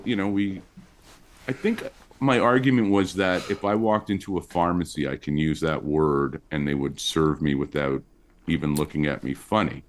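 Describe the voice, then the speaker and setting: A male comedian from Montreal chatting as a podcast guest, telling stories in a loose, lively way with lots of fillers. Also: slight background noise. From Montreal, Canada. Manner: chatty storyteller with lively pitch swings. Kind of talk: casual interview chat.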